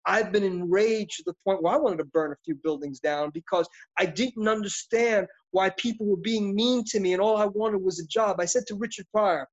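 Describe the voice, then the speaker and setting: A man's voice: sits high, moderate pace, hardly any pauses. A middle-aged man, an actor being interviewed, talking in an intense, passionate, reflective and rambling way. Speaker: actor guest. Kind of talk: interview conversation. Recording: dull lo-fi audio.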